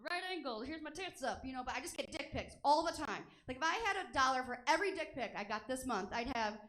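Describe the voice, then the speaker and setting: A woman's voice: high-pitched, quick pace, a bit bright. A woman performing a stand-up comedy set on a comedy theater stage, brash, crude and self-deprecating.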